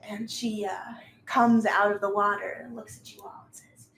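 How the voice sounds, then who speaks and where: A woman's voice: mid-range voice, level tone, moderate pace, fairly bright tone. Brief: woman game master, casual descriptive narration full of fillers, echoey room, faint hiss.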